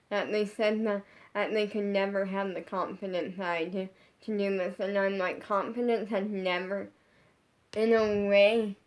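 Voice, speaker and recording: Woman vlogger, chatty bedroom storytime, rambly and filler-heavy, average pitch. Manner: rambling, heavy use of 'like', frequent restarts. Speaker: social media creator. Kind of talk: casual storytime vlog. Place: her bedroom.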